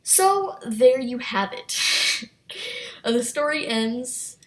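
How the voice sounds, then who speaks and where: Young woman, YouTube storytime host, animated and self-deprecating. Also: on the high side, slow. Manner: animated, self-mocking, laughs often. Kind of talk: casual storytime.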